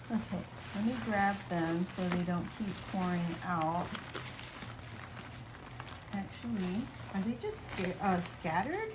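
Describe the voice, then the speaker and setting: A woman's voice: lowish voice, animated, takes it slowly, background noise. A woman vlogger gushing over a craft haul in casual chat, a bit out of breath and laughing often.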